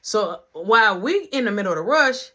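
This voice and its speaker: Animated slangy young man telling a story. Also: sits high, moderate pace. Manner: animated, slangy, acts out quotes. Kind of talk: casual storytime narration.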